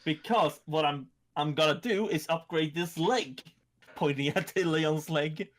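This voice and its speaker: A man playing a tabletop game, animated, laughing and swearing casually. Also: fairly high pitch, unhurried. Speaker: player.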